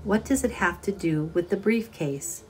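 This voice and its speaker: A woman's voice: mid-range voice, expressive, normal speed, slight background noise, voice pushed up, lightly acted. A woman reading a story aloud and voicing an eager, persistent boy who keeps pressing with questions. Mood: insistent. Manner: insistent, pressing.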